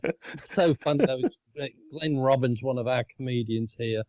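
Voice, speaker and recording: An Australian man co-hosting a casual podcast, talking in halting, restarting phrases with easy chuckles. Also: mid-range voice, darkish tone, no echo. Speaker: podcast co-host. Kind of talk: casual chat.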